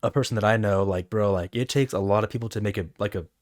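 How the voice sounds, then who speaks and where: Rambling low-voiced man. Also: quick pace, a little mellow. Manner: rambling, many fillers and swearing. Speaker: podcast co-host. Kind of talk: casual movie review chat.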